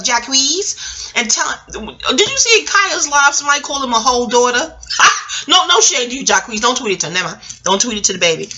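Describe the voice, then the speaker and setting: Middle-aged woman, vlogger, very animated pitch, digressive, laughs a lot. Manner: animated, digressive, laughs often, swears freely. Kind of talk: casual rambling commentary.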